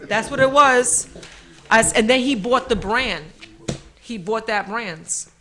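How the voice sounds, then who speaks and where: A woman's voice: a little high, measured pace, background noise. A woman from the Bronx, hosting a live show and telling stories in a brash, profane, comic way. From Bronx, New York. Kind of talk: live show banter and storytelling.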